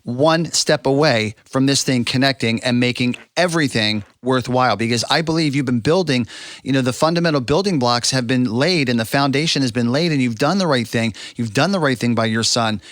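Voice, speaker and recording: A man's voice: medium pitch, brisk, fairly bright tone, dry recording. Male host, middle-range voice, pep-talk energy, dry booth sound. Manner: emphatic, affirming, builds to pep talk. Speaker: podcast host. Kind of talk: interview, encouraging.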